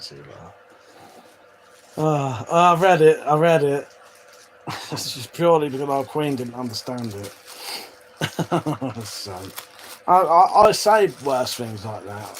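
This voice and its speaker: A man's voice: medium pitch, animated, unhurried, long pauses, slight background noise, low-quality recording. A man hosting a livestream, casually chatting, swearing often and laughing as he reads viewer comments. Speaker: livestream host. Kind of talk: casual live chat reading viewer comments.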